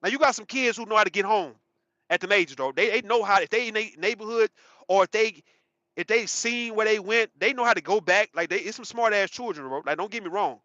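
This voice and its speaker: Man, high bright voice, rambling profane commentary, dry muffled sound. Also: fairly quick, no room sound. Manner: rambling, profane, emphatic, repeats himself. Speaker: commentary channel host. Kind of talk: casual commentary monologue.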